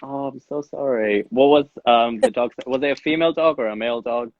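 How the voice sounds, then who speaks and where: A man hosting a casual interview, asking teasing questions in a playful, excitable way. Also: mid-range voice, brisk, dry recording, narrow, tinny audio. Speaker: podcast host.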